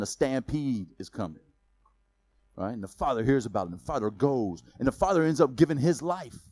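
A man preaching a sermon, telling a story in a lively, casual way with slang. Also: mid-range voice, no room sound. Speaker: pastor.

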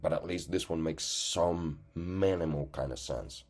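A man with a very deep, husky voice rants bluntly and with open contempt. He swears freely and keeps tagging his points with "okay?". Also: measured pace. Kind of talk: angry profane rant to camera.

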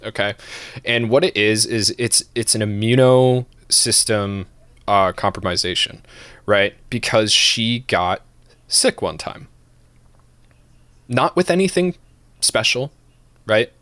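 A man's voice: fairly low pitch, slow pace, long pauses, no echo. A man co-hosting a casual stream podcast, ranting with a lot of swearing. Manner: profane, animated ranting with laughs. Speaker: podcast co-host.

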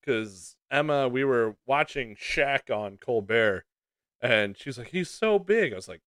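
A man with a medium-pitched, fairly bright voice speaks unhurriedly in a dry recording with clean studio sound. He co-hosts a podcast, chatting casually, asking questions, and laughing easily.

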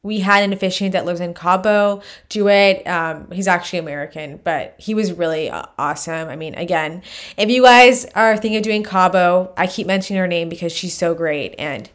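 A young woman co-hosting a podcast, chatting casually in a halting way with many pauses and "um"s. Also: lowish voice. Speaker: podcast co-host. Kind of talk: casual chat.

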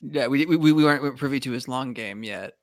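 A man's voice: mid-range voice, fairly quick, no echo, clean studio sound. A man co-hosting a podcast, chatting casually about a TV episode, often stumbling and restarting his words. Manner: stammering restarts, chuckling. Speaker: podcast co-host. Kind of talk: casual TV recap chat.

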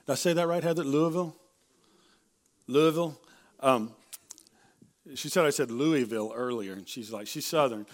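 A man preaching a sermon in a casual, conversational way, often tagging "right?" onto his points and restarting sentences, a little hoarse and clearing his throat. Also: mid-range voice, brisk. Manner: conversational, keeps asking "right?", with many restarts. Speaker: pastor. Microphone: handheld or stage mic.

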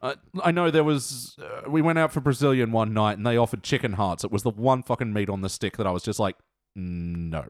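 A man's voice: medium pitch, quick pace, hardly any pauses, dry recording. Chatty, laughing man on a dry mic. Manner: chatty, laughs often, swears casually. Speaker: podcast co-host. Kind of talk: casual chat reviewing a TV episode.

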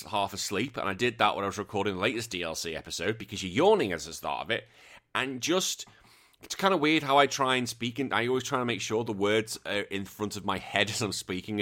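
A man's voice: medium pitch, fairly bright tone. A man with a British accent hosting a retro gaming podcast, rambling in a chatty, self-deprecating way. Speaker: podcast host. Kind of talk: casual podcast monologue.

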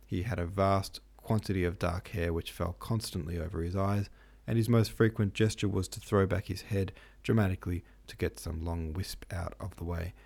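A man reading a novel aloud as host, in steady, measured narration. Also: sits low, gravelly. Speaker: host and audiobook reader. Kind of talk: scripted narration.

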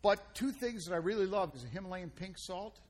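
A man's voice: high-pitched, expressive, brisk. A man, hosting a casual radio food show and telling folksy stories with playful banter.

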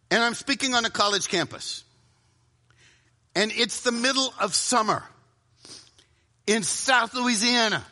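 A middle-aged man preaching a sermon to a live audience, dramatic, often dropping to a hushed voice for emphasis and acting out inner voices. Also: sits high.

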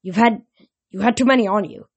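A woman voicing a hot-headed teenage boy demigod who shouts back defiantly, in a storybook reading. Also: medium pitch, fairly quick, breathy edge, muffled recording, pitched above the performer's own voice, natural voice. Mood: angry defiant.

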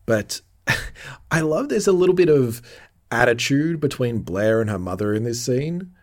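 A man's voice: medium pitch, expressive, normal speed. A man co-hosting a casual podcast, recapping a TV episode with lots of laughter and playful mock indignation. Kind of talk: casual chat.

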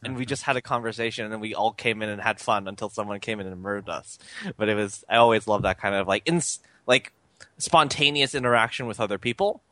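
A man co-hosting a gaming podcast, talking excitably in casual chat, often restarting and swearing. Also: on the low side, fast, dry recording. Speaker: podcast co-host.

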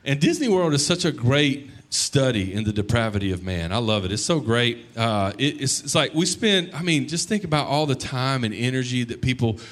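A man in his thirties, a pastor preaching a sermon, telling the story conversationally and breaking into sudden loud bursts. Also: mid-range voice, animated, moderate pace, few pauses.

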